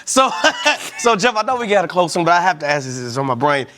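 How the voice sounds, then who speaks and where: A man's voice: on the high side, big pitch swings, quick pace, bright, forceful tone. A man co-hosting a podcast, joking playfully and steering the conversation. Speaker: co-host.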